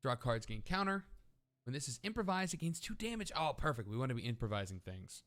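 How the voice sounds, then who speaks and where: A man's voice: mid-range voice, big pitch swings, brisk, a bit bright. A man hosting a let's play, thinking aloud as he plays a deck-building card game. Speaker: gaming channel host.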